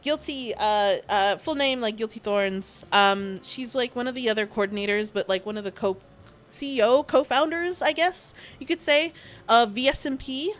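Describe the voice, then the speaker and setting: A woman's voice: medium pitch, fairly bright tone. A young woman streamer chatting casually with her viewers, rambling and gushing as she tells a story, often giggling. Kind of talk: casual livestream chat.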